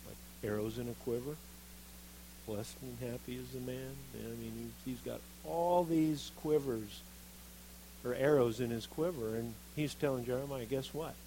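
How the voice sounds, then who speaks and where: A man preaching a sermon, reading scripture and acting out the quoted speakers with lively expression. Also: mid-range voice, moderate pace, slight background noise, poor audio. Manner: animated, acts out quoted voices of Jeremiah and God.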